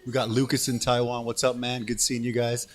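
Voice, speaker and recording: A man's voice: mid-range voice, brisk. A man, a radio DJ, telling a story in a casual, slangy interview. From Canada. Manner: animated storyteller, laid-back slangy talk. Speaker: radio DJ guest.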